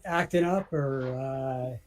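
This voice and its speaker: A man's voice: mid-range voice, takes it slowly, a loud crowd. A man teasing friends with joking mock-advertisement patter in a group video chat. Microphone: video call.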